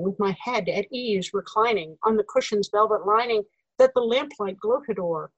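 A woman recites verse with theatrical drama, dropping to a hush and then rising to cries. Her voice is husky and airy, of middling pitch. The sound is dry and close, with no room around it. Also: no echo, rough recording. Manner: theatrical, swinging from hushed to loud.

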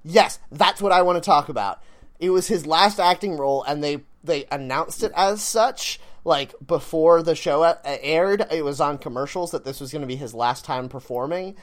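A man's voice: on the high side, normal speed. Young guy on a podcast, casual joking banter, pokes fun at himself. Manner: joking, self-deprecating banter. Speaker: podcast co-host. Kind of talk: casual chat.

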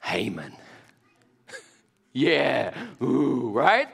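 Animated, jokey male preacher in a hall. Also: a little high, unhurried. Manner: animated, jokey, laughs often. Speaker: pastor. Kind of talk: sermon. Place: large hall with audience. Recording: long hall reverb.

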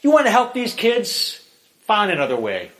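A man's voice: high-pitched, wildly swooping pitch, moderate pace, a bit bright, voice pushed up, exaggerated voice. A man doing a tough condemned gangster. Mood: defiant. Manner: pleading, panicked wailing when terrified. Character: defiant tough male gangster on death row.

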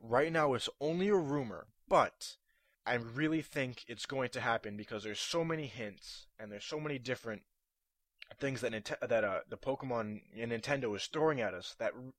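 A young man with a medium-pitched voice hosts a casual podcast at a moderate pace, heard in a dry recording. He rambles, using many fillers and restarting often.

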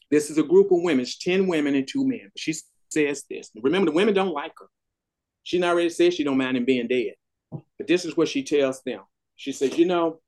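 Older lawyer telling a story. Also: male voice, fairly high pitch. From Texas. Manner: animated storyteller, acts out quoted voices. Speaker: trial lawyer. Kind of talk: storytelling in a podcast interview.

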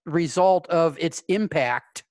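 A game master narrating an improvised tabletop game with playful, quick asides and questions for the players. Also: mid-range voice, darkish tone, no room sound.

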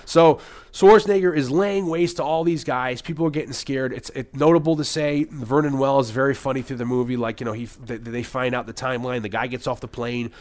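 A man in casual podcast chat, talking through film scenes at a middle pitch. He gets animated as he retells the action, jumping into quick bits of dialogue. The delivery is loose and conversational. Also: a little hiss or hum. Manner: animated retelling, acting out lines with loud bursts and laughs. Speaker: podcast co-host.

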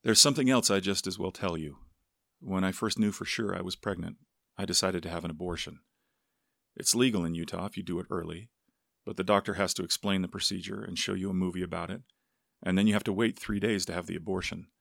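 A man's voice: deep voice, fairly even intonation, quick pace, gravelly, a bit bright, no room sound, studio quality, heavily acted. A man voicing a stubborn pregnant young woman in a read novel. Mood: earnest.

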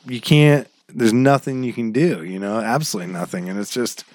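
A man's voice: medium pitch, expressive, a little fast, a little mellow, no room sound. A man in his thirties hosting a radio show from his home office, chatting casually and rambling with easy laughs. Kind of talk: casual chat.

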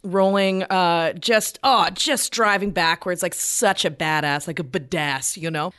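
A woman's voice: fairly low pitch, measured pace, a bit bright. Woman, tabletop game player, rambling, lots of fillers. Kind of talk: tabletop game narration and in-character talk.

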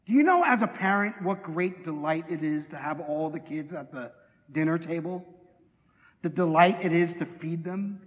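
A man's voice: on the high side, animated, normal speed, dull audio. A middle-aged man preaching a sermon in a conversational, joking way, putting questions to his congregation. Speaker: pastor. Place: church hall. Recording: long hall reverb.

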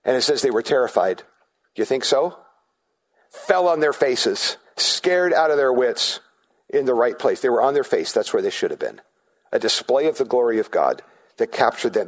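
A man's voice: mid-range voice, animated, normal speed. A man preaching a sermon as pastor, in a conversational way, asking the congregation questions and often restarting his sentences.

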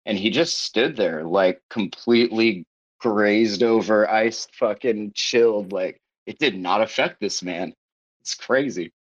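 A man with a fairly low voice hosts a casual podcast. He riffs sarcastically and swears freely while reading the news out loud. The audio sounds dull and lo-fi. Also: measured pace. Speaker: podcast host.

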